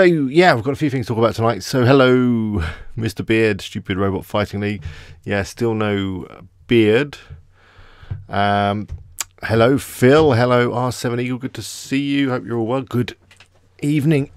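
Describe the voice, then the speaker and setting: English male streamer, mid pitch, dry close sound, casual chatty delivery. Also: normal speed, no room sound. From England. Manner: chatty, greets viewers by name. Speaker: live stream host. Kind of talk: casual live stream chat.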